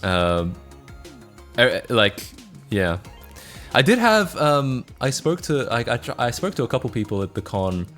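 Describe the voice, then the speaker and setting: A man's voice: medium pitch, big pitch swings, measured pace, fairly bright tone, soft background music. Tired Australian man chatting on stream. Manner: rambling, laughing often, many restarts and fillers. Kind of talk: casual live-stream chat.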